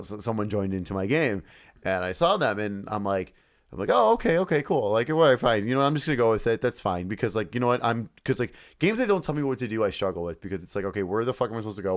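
A man co-hosting a casual podcast who rambles and swears freely. He acts out his own reactions as he goes. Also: lowish voice. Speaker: podcast co-host. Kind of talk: casual chat.

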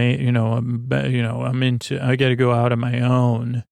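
Gravelly, halting man recapping a show. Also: medium pitch, no room sound. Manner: halting, full of fillers and restarts, deadpan. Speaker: podcast host recapping an episode. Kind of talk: rambling comedic episode recap.

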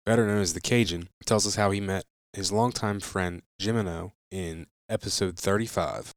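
A man hosting a podcast, giving plain, steady introductions. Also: low-pitched, normal speed, dry recording, studio quality. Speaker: podcast host.

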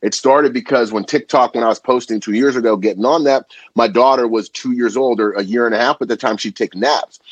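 A man who makes food videos, a guest on a podcast, talking in an animated and slangy way, full of filler words. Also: mid-range voice, brisk, hardly any pauses, breathy edge, no room sound. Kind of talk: casual conversation.

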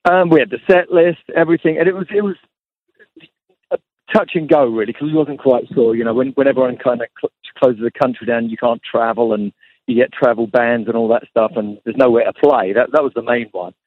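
A man calling in as a guest, chatting in a relaxed, rambling way with many fillers. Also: mid-range voice, brisk, no room sound. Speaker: guest guitarist. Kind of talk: casual interview chat. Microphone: phone call. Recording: tinny phone line.

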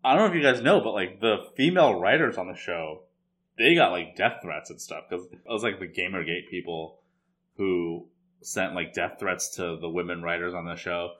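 A man's voice: low-pitched, normal speed, fairly bright tone. A man co-hosting a podcast, chatting casually in a rambling way with lots of filler words. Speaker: podcast co-host. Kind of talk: casual chat.

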